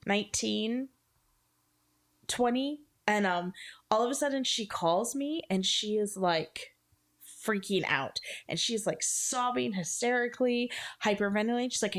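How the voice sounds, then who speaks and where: A woman in her thirties, a podcast co-host, telling a personal ghost story in casual chat, animated and full of filler words. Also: mid-range voice, normal speed.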